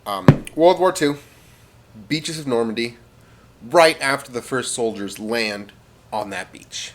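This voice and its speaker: A man's voice: mid-range voice, takes it slowly, slight background noise. A man casually telling a rambling comic story, with fillers and spoken sound effects.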